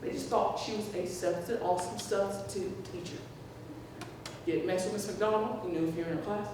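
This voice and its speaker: A woman's voice: mid-range voice, fairly quick, background noise. Woman telling stories at a tribute, does the voices, laughs a lot, far off in a really echoey hall. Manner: animated, acts out quoted voices, laughs often. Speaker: speaker at a memorial tribute. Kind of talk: personal storytelling to a gathering. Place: large hall at a community gathering.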